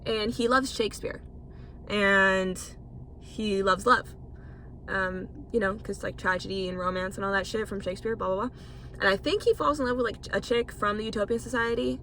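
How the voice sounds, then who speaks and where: Bright-voiced chatty young woman podcaster. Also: medium pitch, steady tone, moderate pace, a little hiss or hum. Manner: chatty and rambling, swears freely. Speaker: podcast host. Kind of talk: casual solo podcast monologue.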